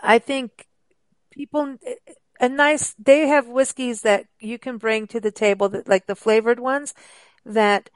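A woman's voice: a little high, fairly even intonation, measured pace, no room sound. A woman hosting a radio talk show, chatting enthusiastically with her guests and exclaiming often. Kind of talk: casual chat.

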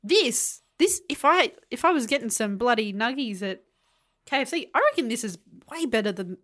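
A woman's voice: fairly high pitch, normal speed. Australian woman, casual podcast co-host. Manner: animated storytelling, swearing. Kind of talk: casual comedic chat.

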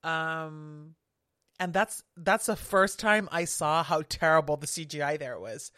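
A woman's voice: low voice, measured pace, a bit bright, no echo, studio quality. A woman guest on a podcast, chatting casually and agreeably. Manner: chatty, agreeable, lots of fillers and laughs. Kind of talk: casual chat.

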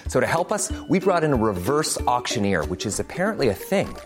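A man's voice: mid-range voice, very animated, a little fast. A man reading a scripted ad with a dry, wry delivery. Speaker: ad spokesman. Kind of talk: scripted radio ad read. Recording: ad with music behind.

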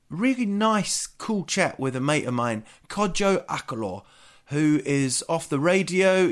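A man hosting a podcast in casual chat, rambling with many ums and restarts and laughing easily. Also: on the high side. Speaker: podcast host.

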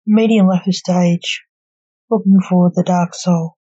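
A woman storyteller reading a story aloud in a calm, even way. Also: lowish voice, measured pace, breathy edge, no echo. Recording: dull lo-fi recording.

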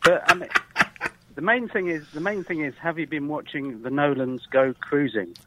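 A man's voice: a little high, normal speed, very noisy. A man calls in to a radio show, chatty and a little nervous, joking along with the hosts. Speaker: caller. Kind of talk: radio phone-in call. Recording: tinny dry phone line.

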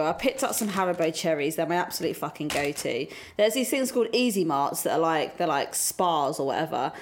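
A woman's voice: on the low side, lively intonation, fairly quick, few pauses. Chatty woman co-hosting a football chat. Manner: chatty, swears casually, lots of fillers. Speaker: podcast co-host.

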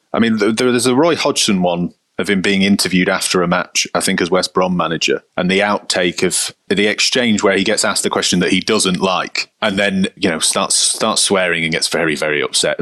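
A man's voice: deep voice, dry recording. A man chatting about football as a podcast panelist, telling stories animatedly. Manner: animated storyteller, mimics managers in quotes. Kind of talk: casual football chat.

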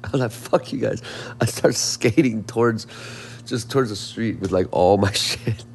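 A man's voice: lowish voice, normal speed, darkish tone, soft background music. A man telling stories as an interview guest, rambling and profane, with many restarts. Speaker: songwriter and producer guest. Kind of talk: casual storytelling interview.

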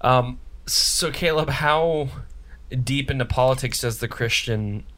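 A young man from the United States co-hosting a casual faith podcast. He talks in a loose, joking way, often breaking off and restarting his sentences. His voice sits at an ordinary middle pitch for a man. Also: unhurried, a bit bright. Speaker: podcast co-host.

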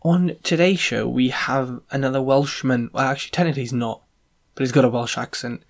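A man hosting a property podcast, chatty and jokey with quick asides. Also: mid-range voice, fairly even intonation. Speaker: podcast host. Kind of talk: casual podcast interview.

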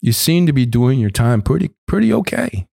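Man doing old Italian mobster, gruff and warm. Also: medium pitch, very animated, normal speed. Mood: confiding. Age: 80s.

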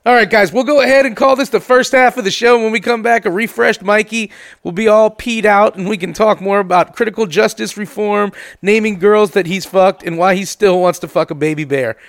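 A man's voice: high voice, a little fast. A man co-hosting a podcast, swearing freely and acting out the people in his stories. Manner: profane storyteller acting out quotes. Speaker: podcast co-host. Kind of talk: casual podcast banter.

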